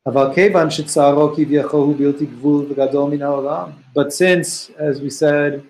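A man's voice: a little high, steady tone, rapid-fire, a little mellow, low-quality recording. A man teaching a study session. He reads Hebrew passages aloud and explains them in an earnest, searching way, often restarting his phrases. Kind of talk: text study lesson.

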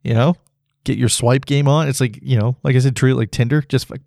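A man's voice: mid-range voice, steady tone, fairly quick, vocal fry, a little mellow, no echo. Rambling man podcasting alone, dry sound. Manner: self-deprecating, laughs at his own jokes. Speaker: podcast host. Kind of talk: rambling solo podcast monologue.

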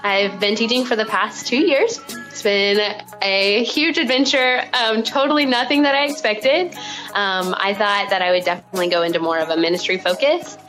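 A woman in her twenties from Arkansas with a Southern accent, chatting as an interview guest and teacher, friendly with frequent ums and soft laughs. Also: medium pitch, poor audio. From Arkansas, United States. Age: 20s. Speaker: guest, third grade teacher. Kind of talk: casual interview answers.

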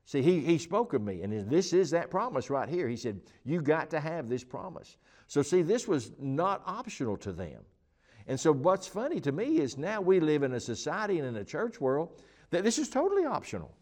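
A man's voice: fairly high pitch, huge pitch swings, normal speed, darkish tone. Guy doing a casual bible study, rambly and emphatic, lots of "you know"s and restarts. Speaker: Bible teacher. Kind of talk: informal Bible teaching chat.

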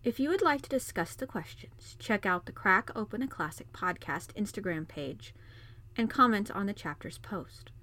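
Bright-voiced woman reading a classic aloud. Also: medium pitch, expressive, moderate pace. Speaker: podcast host and reader.

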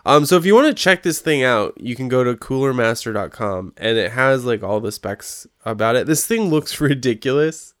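A man's voice: mid-range voice, expressive, moderate pace. A laid-back man co-hosting a casual chat and reading an ad in his own easygoing way. His voice sits mid-range and the sound is dry, with no room echo. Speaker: podcast co-host.

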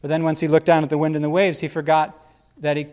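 A man hosting a casual faith discussion, talking in an animated, rambling way with frequent restarts. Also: fairly high pitch, quick pace.

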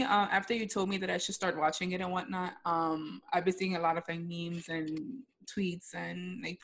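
A young adult woman co-hosting a casual podcast, speaking frankly and emphatically and swearing freely. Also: on the low side. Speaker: podcast co-host.

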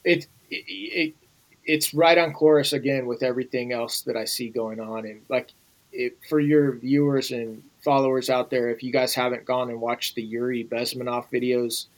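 A man's voice: medium pitch, fairly even intonation, moderate pace, poor audio. A man speaking as an interview guest, emphatic and urgent, talking straight to the viewers. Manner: emphatic and urging, addresses viewers directly. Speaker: guest, former Navy SEAL. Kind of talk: conversational interview.

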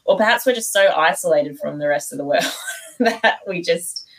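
A woman's voice: lowish voice, expressive, moderate pace, a little hiss or hum, low-quality recording. A woman in her thirties with an Australian accent, a guest author talking frankly and with self-mocking humour in a casual interview.

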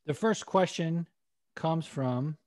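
A man's voice: a little high, takes it slowly, a little mellow, no echo, clean studio sound. A man co-hosting a casual podcast, rambling about fights with frequent swearing and laughter. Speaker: podcast co-host. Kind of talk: casual MMA podcast chat.

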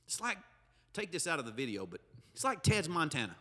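Man, pastor, emphatic funny sermon, high-pitched, echoing church hall. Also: very animated, a little fast, sharp tone. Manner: humorous, emphatic preaching with asides. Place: church sanctuary.

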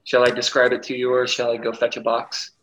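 A man co-hosting a casual podcast chat, joking and explaining in quick, animated banter. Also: mid-range voice, slight background noise, poor audio. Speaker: podcast co-host.

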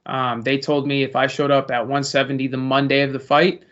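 The recording is muffled and lo-fi, capturing a young professional fighter who answers questions in a rambling, laid-back way. He talks briskly in a mid-range, slightly bright voice with little pitch movement.

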